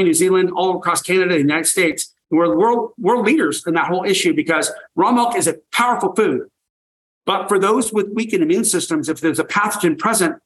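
A man's voice: sits high, fairly bright tone, rough recording. An older man, a farmer and guest, telling stories with enthusiasm and emphatic repetition. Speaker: guest, raw milk farmer. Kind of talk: energetic interview talk.

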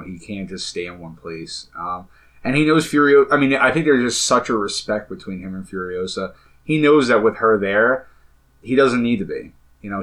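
A man co-hosting a casual podcast, earnestly retelling film scenes in detail and often trailing off softly. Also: low voice. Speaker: podcast co-host.

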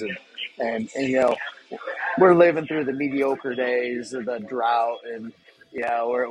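A middle-aged man, a guest who runs a fan club, telling stories in a relaxed, rambling way. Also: mid-range voice, poor audio. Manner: rambling, relaxed storyteller with fillers. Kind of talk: casual chat.

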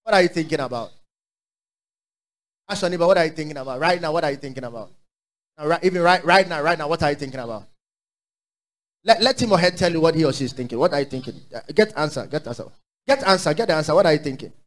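A Ghanaian man preaching a sermon as pastor, urging the congregation to repeat after him and swinging between quiet asides and loud declarations. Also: fairly high pitch, animated, fast, long pauses. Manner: exhorting call-and-response preaching.

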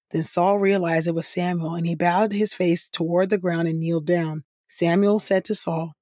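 Woman reading scripture, measured. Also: lowish voice, fairly even intonation, darkish tone, no room sound, studio quality. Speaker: scripture reader.

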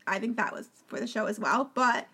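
An opinionated woman with a fairly high voice, trading takes on a reality show in casual podcast chat. She talks emphatically and cuts in often. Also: fairly quick, pushed and bright, breathy edge. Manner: opinionated, emphatic, talks over the other host. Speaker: podcast co-host.

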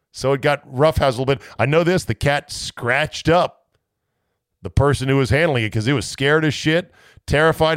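A man hosting a sports podcast, chatting loosely and mocking himself, often jumping into high playful voices. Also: brisk, clear, resonant tone, no echo, studio quality. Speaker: sports radio host. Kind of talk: casual podcast monologue.

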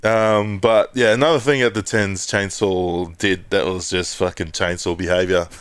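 A deep-voiced man co-hosts a podcast, speaking at a moderate pace with a clean, echo-free sound. In casual chat he tells stories laced with swearing, animatedly mimicking the people he quotes with put-on voices.

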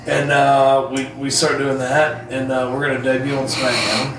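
A man's voice: medium pitch, moderate pace, far from the mic. A man telling a story on a talk show, casually and with a lot of swearing, acting out what others said. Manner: profane, animated storyteller acting out quotes. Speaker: podcast guest. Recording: roomy echo, off-mic, music bed.

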